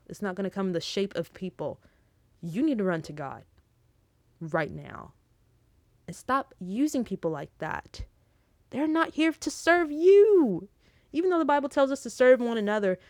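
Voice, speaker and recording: A young woman with a fairly low voice talks through her faith in a loose, rambling way. She preaches a little and drops in joking asides. The sound is close and dry. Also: dry recording. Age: young adult. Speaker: Christian vlogger. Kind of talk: casual faith talk with spoken prayer.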